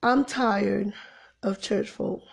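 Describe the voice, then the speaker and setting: A woman preaching an informal sermon, swinging from exasperated emphasis to soft, near-whispered lines. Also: mid-range voice, steady tone, slow pace, creaky, breathy edge.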